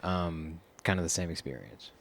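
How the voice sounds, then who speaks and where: A raised man, chatting on a podcast in a slightly low voice. He tells stories in a relaxed way and now and then drops into pidgin impressions. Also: normal speed, creaky. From Hawaii. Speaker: podcast co-host. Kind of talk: casual podcast chat.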